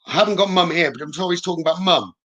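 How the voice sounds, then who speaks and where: A man giving a live psychic reading at a rapid pace. His voice is bright and sits slightly high. He relays messages in a steady, reassuring way and keeps checking in with his listener. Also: low-quality recording. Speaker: psychic medium. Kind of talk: live-streamed spirit reading.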